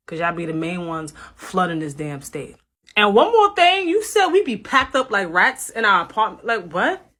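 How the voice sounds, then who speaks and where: Animated, high-ish New woman host, sassy roast commentary. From New York, US. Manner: teasing, sassy, laughs between jabs. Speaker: reaction video host.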